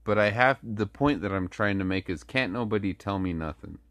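Guy doing a boastful cowboy, low mumbly drawl, real dry sound. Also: fairly quick, fairly bright tone, dry recording.

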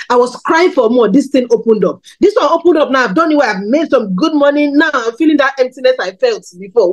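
A woman's voice: brisk, low-quality recording. A Nigerian woman preaching her testimony. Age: 30s. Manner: candid storytelling, animated pitch swings. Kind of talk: sermon testimony.

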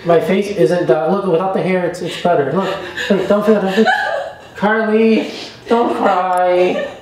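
A man's voice: sits high, fairly even intonation, a little slow, a crowd in the background. Man vlogging in an echoey room. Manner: pleading and teasing, repeats himself. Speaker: prank vlogger. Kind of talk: casual vlog chat.

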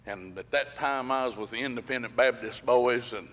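A man's voice: mid-range voice, moderate pace, fairly bright tone. A middle-aged man, preaching a sermon as pastor in folksy storytelling fashion, rising to emphatic preaching. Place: church sanctuary. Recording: long church reverb.

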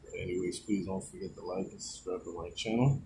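A man's voice: sits low, fairly even intonation, fast, background noise. A man casually narrating as he scratches a lottery ticket, calling out numbers one at a time in an easygoing way.

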